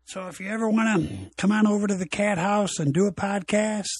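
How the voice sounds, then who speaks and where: A man hosts his own podcast alone, rambling from one point to the next in a blunt, opinionated way. His voice sits a little high and sounds husky. The recording is dry, with no room sound. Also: fairly quick, dry recording. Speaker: podcast host. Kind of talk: casual solo podcast monologue. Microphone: home recording equipment.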